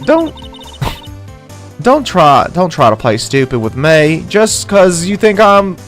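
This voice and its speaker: A man's voice: on the high side, big pitch swings, slow, a bit bright, soft background music, exaggerated voice. A man voicing a feisty Southern woman camper with an exaggerated drawl, scolding and indignant, as a video game figure. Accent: exaggerated American Southern drawl.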